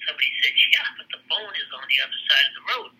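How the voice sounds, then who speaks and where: Older man telling halting, blunt war stories. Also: a little high, very animated, bright, forceful tone, rough recording. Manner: rambling, halting, with many restarts and blunt profanity. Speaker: interviewee recounting family war stories. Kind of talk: casual storytelling conversation.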